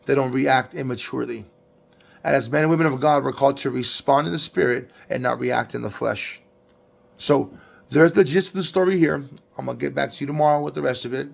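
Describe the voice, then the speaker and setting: A man giving a casual devotional Bible recap, preaching with lively slang and acting out quotes. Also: medium pitch, creaky. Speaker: Bible teacher.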